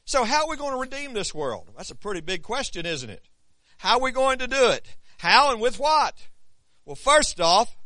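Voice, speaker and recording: High, bright-voiced preacher in a dry room. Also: male voice, dry recording. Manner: swings from hushed appeals to loud, shouted exhortation; stumbles over Greek words. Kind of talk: sermon.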